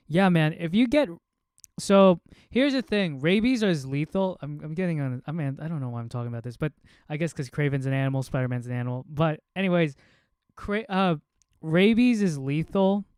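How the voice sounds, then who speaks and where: A man's voice: a little high, a little mellow, smooth, no echo, clean studio sound. A young man from America chatting casually and rambling through asides while reacting to a video on stream. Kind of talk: casual live reaction chat.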